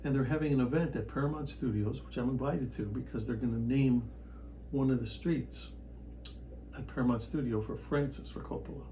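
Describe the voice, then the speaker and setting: A man from the Chicago area talks casually as a podcast guest, with an even, middle-pitched voice. He tells his stories with animation and often jumps into loud, excited bursts. A faint noise sits under the voice. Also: fairly quick, low-quality recording. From Chicago area, United States. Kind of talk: casual storytelling chat.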